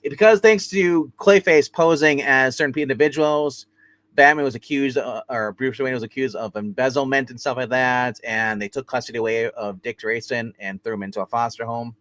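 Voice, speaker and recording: A man hosting a casual comic book review, rambling through the plot with plenty of fillers and quick put-on character voices. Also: medium pitch, steady tone, fairly bright tone, dry recording.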